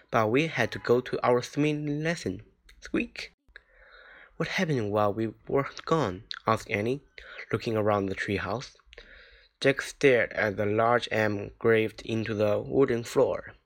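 Slow, careful man reading a storybook. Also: on the low side, a bit bright. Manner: slow, careful reading with small slips and restarts. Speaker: reader. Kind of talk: reading a children's book aloud.

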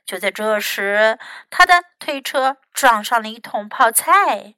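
A woman English teacher reading a bilingual storybook aloud in an expressive, animated way. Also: on the high side, measured pace, clean tone, no echo, poor audio.

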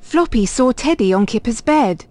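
A woman reading a children's picture book aloud, clear and expressive. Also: a little high, moderate pace. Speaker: storybook reader.

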